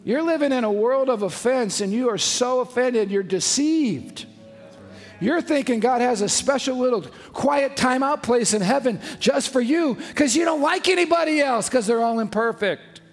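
Preaching at a moderate pace, this pastor has a very high-pitched voice and lively intonation. He speaks emphatically yet conversationally, often posing rhetorical questions, with a long hall reverb and faint music in the background.

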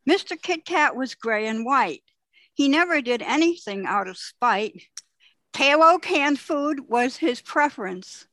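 A woman in a writing workshop reading her own short rhyming poem in a plain, measured way. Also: high-pitched, lively intonation, a bit bright, dry recording. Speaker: workshop participant.

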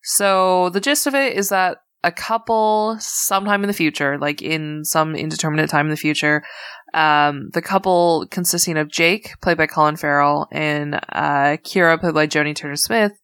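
Low smooth-voiced woman co-host. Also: normal speed, a bit bright, no room sound. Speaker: podcast co-host. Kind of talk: casual chat and film summary.

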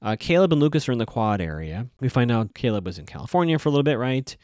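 A man giving a casual, chatty recap of a TV episode, acting out the characters' lines in quick asides. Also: medium pitch, dry recording, clean studio sound. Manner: chatty, animated, with quoted asides.

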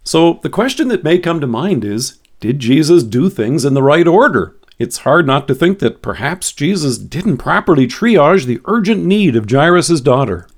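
A man delivering a scripted devotional sermon in a measured, earnest reading voice. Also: fairly high pitch, sing-song. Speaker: devotional speaker.

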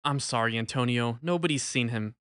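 A man's voice: medium pitch, a little fast, a bit bright, no room sound, close to an everyday voice. A man voicing a friendly fellow friar, speaking in a matter-of-fact way. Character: brisk male friar, friendly colleague.

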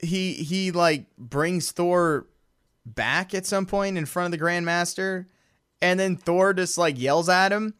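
A man with a fairly high voice co-hosts a casual movie podcast. He talks with lots of energy, laughs often and acts out scenes from films as he goes. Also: slow pace, fairly bright tone, clean tone. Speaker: podcast co-host. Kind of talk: casual chat.

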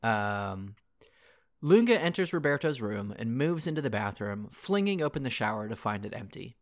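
Lively-pitched podcast co-host. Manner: dry, quick reactions, then steady summary reading. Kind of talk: casual chat and recap reading.

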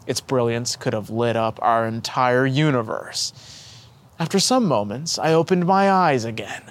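Expressive male storyteller, lively pitch. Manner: expressive, measured reading. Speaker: host and narrator. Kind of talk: dramatic storytelling narration.

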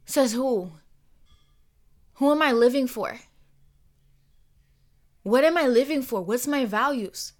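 A young woman holds forth alone on her podcast, blunt and fired up and unafraid to swear. Her voice sits a little high, and she swings from near-murmurs to loud outbursts. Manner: blunt, heated and profane, swinging between soft and loud. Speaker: podcast host. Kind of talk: emotional solo podcast monologue.

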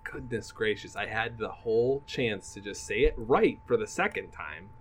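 Man, podcast co-host, mid-low voice, lively pitch, teasing, goofy. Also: moderate pace, slight background noise. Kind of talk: casual chat.

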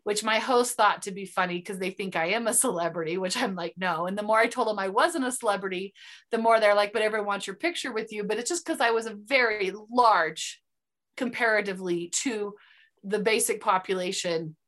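Animated American woman, bright voice. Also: mid-range voice, fairly quick. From United States. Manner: animated storyteller, does voices in anecdotes. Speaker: podcast host. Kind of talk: casual conversation.

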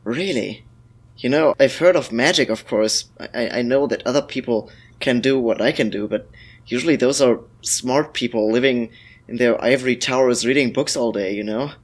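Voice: mid-range voice, moderate pace, natural voice. Brief: player as a shy young male mage, hesitant, stammering. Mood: unsure. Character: nervous young male mage with wild magic.

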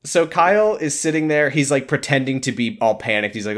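A man's voice: mid-range voice, brisk, few pauses. A man co-hosting a podcast, chatting casually and recapping episodes with joking quoted lines. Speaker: podcast co-host.

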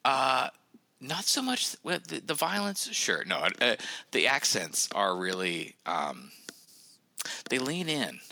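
A man's voice: medium pitch, very animated, slow pace, vocal fry, pushed and bright, dry recording. A man, an author on a podcast, chatting casually in a rambling way with many fillers and restarts. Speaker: author guest.

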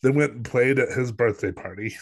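A man co-hosting a podcast at a middle pitch, chatting loosely and retelling a story. He fills his talk with filler words and jumps into quoted voices as he goes. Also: a little fast. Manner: rambling, filler-heavy, acts out quotes. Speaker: podcast co-host. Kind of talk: casual chat, film review.

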